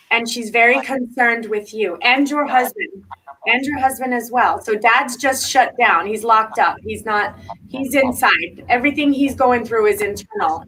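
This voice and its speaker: A woman's voice: a little high, a bit bright, poor audio. A woman working as a psychic medium, giving a live spiritual reading over video in an emphatic, repetitive and reassuring way.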